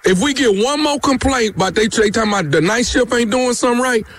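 A man's voice: very high voice, fast, a bit bright, exaggerated voice. A man playing an angry night-shift worker. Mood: threatening. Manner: confrontational, repetitive, street slang. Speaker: prank caller, radio host. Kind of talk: radio prank phone call.

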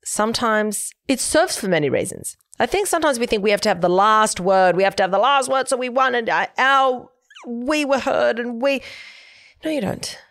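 A woman's voice: on the high side, lively intonation, normal speed, fairly bright tone, no room sound. A young adult woman hosting a casual solo podcast, chatty and emphatic as she gives advice. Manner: chatty, emphatic, giving advice with quoted asides. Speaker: podcast host.

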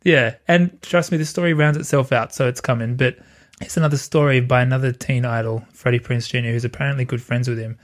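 A man's voice: medium pitch, steady tone, fast talker. Laid-back joking male podcast host. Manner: laid-back, jokey, swears freely. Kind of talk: casual chat.

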